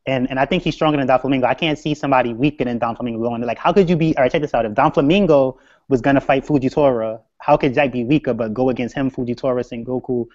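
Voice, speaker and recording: A young man argues in a casual group chat, pressing his point and repeating phrases to keep the floor. He talks quickly at a middle pitch. The audio is dull and lo-fi, like an online group stream. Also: a little mellow. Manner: insistent, repeats himself to hold the floor. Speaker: stream co-host.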